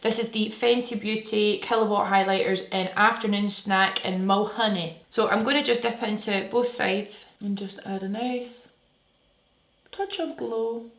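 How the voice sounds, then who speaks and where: A woman's voice: mid-range voice, a bit bright. A woman chatting her way through a makeup tutorial, enthusiastic and casual as she works. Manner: chatty, enthusiastic, talks while working. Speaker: beauty vlogger. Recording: echoey room.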